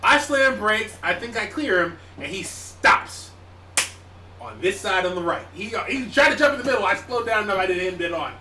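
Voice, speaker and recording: A man's voice: sits high, sing-song, normal speed, bright, forceful tone. A young man casually telling a story to friends on a podcast, swearing and acting out his own panic. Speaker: podcast co-host. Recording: echoey room, distant mic, faint noise.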